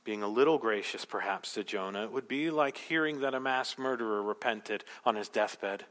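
A man preaching a sermon, emphatic and rhetorical, telling the story with animated asides. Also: on the low side, normal speed, long reverb tail. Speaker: pastor.

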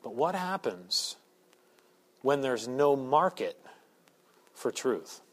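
A pastor preaching a sermon to his church, shifting from quiet asides to loud, emphatic points. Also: medium pitch, big pitch swings, takes it slowly. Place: church sanctuary.

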